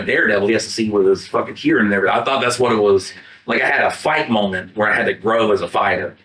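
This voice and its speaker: A man co-hosting a podcast tells a rambling story in casual chat and acts out his own lines along the way. His voice is bright and forceful. He is recorded from across an echoey room, not up close on a mic. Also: on the low side. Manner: animated, profane, acts out his own quotes. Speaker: podcast co-host. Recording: roomy sound from a distant mic, not the podcast mics.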